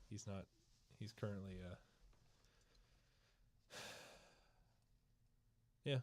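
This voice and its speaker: A man's voice: lowish voice, drawn-out words, pauses often, a little hiss or hum. A man hosting a stream with casual, live fan play-by-play on a headset mic at home. He is out of breath and sighs between plays. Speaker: stream host.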